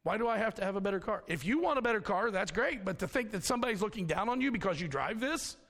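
A man's voice: high-pitched, expressive, fast talker, fairly bright tone, big-room sound. A man preaching a sermon in a folksy storytelling manner, mixing scripture with personal stories. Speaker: pastor.

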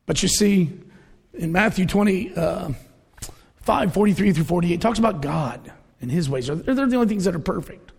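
A man's voice: sits high, expressive, normal speed, creaky, breathy edge. A middle-aged man preaching a conversational sermon, telling everyday stories and acting out the voices in them. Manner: conversational, storytelling, acts out quoted voices. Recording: reverberant hall.

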